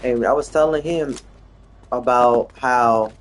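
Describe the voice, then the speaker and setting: A man casually chatting while playing a game, telling a story in an animated way and laughing often. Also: mid-range voice, takes it slowly, a little hiss or hum. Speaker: gaming streamer. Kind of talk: casual chat while gaming.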